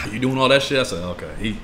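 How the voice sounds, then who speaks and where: A man co-hosting a podcast in casual chat, animated and profane, laughing often. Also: medium pitch, fairly quick, slight background noise. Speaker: podcast co-host.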